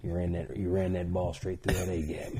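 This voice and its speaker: A man's voice: deep voice, completely flat delivery, fairly quick, background noise, voice pushed down, lightly acted. A man voicing a friendly, chatty small-town man with an exaggerated East Tennessee accent. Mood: admiring. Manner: exaggerated twangy drawl.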